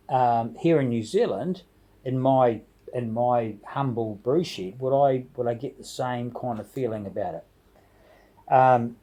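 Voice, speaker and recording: A man's voice: mid-range voice, dark tone, low-quality recording. A man chatting casually to his viewers from his home brew shed, rambling and hesitant, full of fillers and restarts. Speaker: home brewer. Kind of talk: casual vlog chat to viewers.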